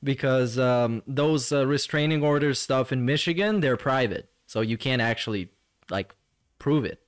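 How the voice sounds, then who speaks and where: A man's voice: medium pitch, moderate pace, dry recording, studio quality. A man hosting a podcast, giving blunt, sarcastic commentary while reacting to a stream. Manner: blunt, sarcastic, swears freely.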